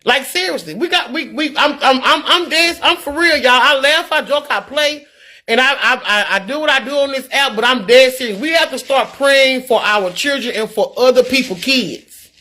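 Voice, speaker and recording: Livestreamer woman, middle-aged, earnest and preachy, bright tense voice, stumbles over repeated words. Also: sits high, normal speed. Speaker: livestreamer reading viewer comments. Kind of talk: candid live-stream talk.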